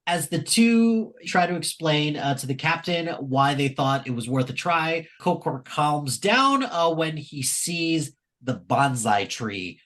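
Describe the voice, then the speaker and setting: A man co-hosting a podcast, recapping an episode in casual, animated chat with frequent fillers and laughs. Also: fairly high pitch, slow, few pauses. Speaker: podcast co-host.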